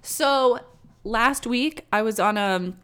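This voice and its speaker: A woman's voice: fairly high pitch, slow pace, fairly bright tone, clean tone. A young woman co-hosting a podcast, chatting casually, laughing often and telling blunt, profane stories. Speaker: podcast co-host. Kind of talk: casual chat.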